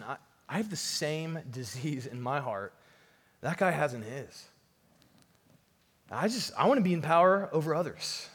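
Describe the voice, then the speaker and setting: A young man preaching a sermon, telling a story with lively, playful sarcasm. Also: fairly high pitch, in a large hall. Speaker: pastor.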